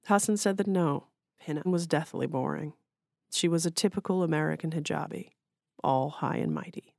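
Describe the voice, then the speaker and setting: A woman author reading her literary short story aloud in a measured, even way. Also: sits low, creaky, dry recording, studio quality. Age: adult.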